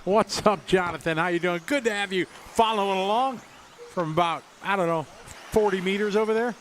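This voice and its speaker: A man from the United States calls a live remote-control car race in a slightly high, chatty voice. He keeps it upbeat and easygoing with his co-commentator. Faint outdoor noise hangs behind him. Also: brisk. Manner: chatty, upbeat, laughs easily.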